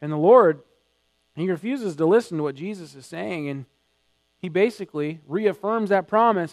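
Male pastor, slightly high voice, emphatic sermon delivery, dry sound with hum. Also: lively intonation, moderate pace, dry recording. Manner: emphatic preaching, swelling louder in acted quotes.

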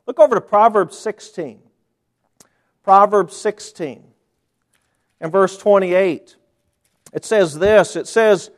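A man preaching a sermon in a church, fervent and dramatic, with sudden loud bursts when he quotes scripture. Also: high-pitched, a little slow. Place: church sanctuary.

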